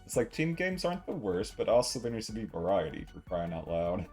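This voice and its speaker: A man's voice: lowish voice, sing-song, fairly quick, darkish tone, soft background music. A man giving casual live gameplay commentary as a streamer, playful and self-mocking as he chats. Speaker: game streamer.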